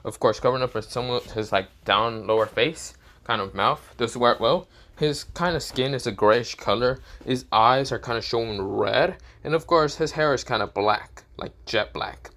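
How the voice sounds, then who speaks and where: A man's voice: medium pitch, a bit bright. A man casually narrating an improvised fan story, rambling with swearing. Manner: rambling, many fillers and restarts, swearing.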